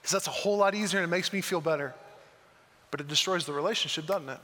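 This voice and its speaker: A man's voice: fairly high pitch, fast talker, pushed and bright, a little hiss or hum. A man preaching a sermon as pastor, earnest and emphatic, with a microphone in a church hall. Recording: long reverb of a large hall.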